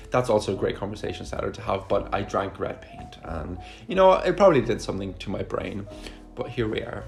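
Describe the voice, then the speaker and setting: Chatty young man, low voice. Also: expressive, moderate pace, gravelly, faint music behind. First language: Russian. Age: 20s. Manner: chatty and enthusiastic, swears often. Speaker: vlogger. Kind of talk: casual Q&A chat to camera. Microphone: camera he sets up himself.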